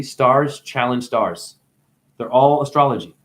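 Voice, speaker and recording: At a measured pace, a man with a mid-range, lively voice delivers a wandering spiritual talk. Styling himself a spiritual teacher, he plays with words, swears a lot and keeps breaking into laughter.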